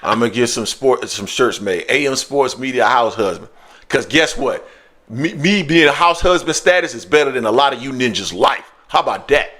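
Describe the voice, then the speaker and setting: A man hosting a casual sports live stream, talking in loose, animated, slangy banter. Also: mid-range voice, moderate pace. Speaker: sports show host.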